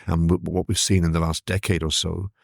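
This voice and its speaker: Deep-voiced older man recalling events. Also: level tone, a little fast, gravelly, no echo, clean studio sound. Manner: thoughtful, vivid recollection with hesitant restarts. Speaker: journalist guest. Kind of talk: reflective storytelling in an interview.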